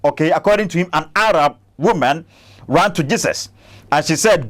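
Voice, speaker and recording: A man's voice: a little high, expressive, moderate pace. A man hosting a commentary channel, arguing against a clip he plays, stammering and repeating himself. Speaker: Christian apologist channel host.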